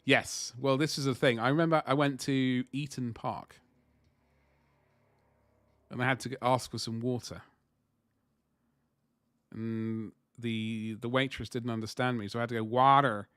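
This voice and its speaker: Male streamer at his hobby desk, mid-pitched, dry close sound, rambles and thinks aloud, self-deprecating. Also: little pitch movement, unhurried, pauses often, clear, resonant tone, no echo. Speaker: miniature painting streamer. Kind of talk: casual live-stream chat while painting.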